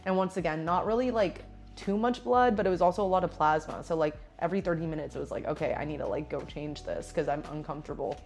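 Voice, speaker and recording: Chatty young woman with a lowish voice. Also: fast, darkish tone, soft background music. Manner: chatty, laughs often, heavy use of "like". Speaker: vlogger. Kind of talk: casual storytime.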